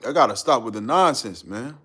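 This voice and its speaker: A man talking casually on a live stream at a mid-range pitch for a man. His delivery is relaxed and full of slang, he laughs easily, and he answers viewer comments as they come in. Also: a little fast, husky. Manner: laid-back and slangy, laughing often, riffing on chat comments.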